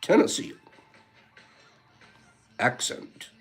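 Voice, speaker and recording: A man's voice: very slow, soft background music. A man hosting a casual livestream, rambling and teasing as he reads viewer comments, laughing often. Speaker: livestream host.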